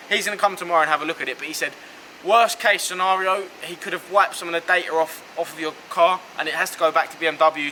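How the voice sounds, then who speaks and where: Car vlogger, young, sweary rant to camera, slightly high voice. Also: male voice, bright, forceful tone, a little hiss or hum, poor audio. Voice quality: sweary, exasperated.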